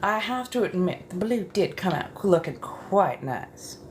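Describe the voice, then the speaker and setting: A woman with a notably low voice talks in a soft-spoken ASMR manner. She rambles casually and chattily from one thought to the next. A faint hum of room ambience sits behind her. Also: lively intonation, a little slow. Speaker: ASMR creator.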